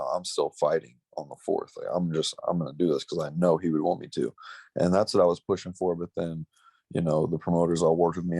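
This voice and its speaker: Deep gravelly young man, blunt and profane. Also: mellow, no room sound. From Missouri, United States. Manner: blunt and profane, emotional, choked up at times. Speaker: pro MMA fighter, guest. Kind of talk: candid interview talk.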